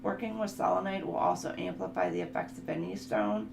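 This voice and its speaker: A woman talks through an oracle card reading in a relaxed, chatty way, reading card text aloud and often breaking into laughter. Her voice has a gravelly, creaky texture. The room is echoey, with a steady hum underneath. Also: on the low side, fairly quick. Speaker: tarot reader.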